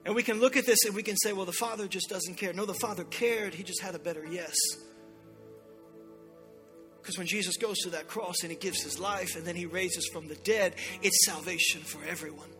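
Pastor guy preaching hard, high bright voice, soft music under it. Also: brisk. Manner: impassioned preaching, acting out God's voice in quotes. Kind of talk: sermon. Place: church with a live congregation.

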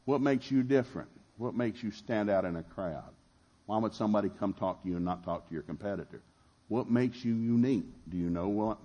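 A middle-aged man, preaching a sermon in a lively way and acting out the voices he quotes. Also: lowish voice, slightly rough, muffled recording. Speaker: pastor.

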